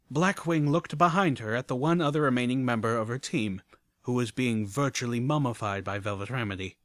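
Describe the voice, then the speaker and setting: A man reading a first-person story aloud in a steady, even storytelling manner. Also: mid-range voice, brisk, no room sound. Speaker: audiobook reader. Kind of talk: first-person audiobook narration.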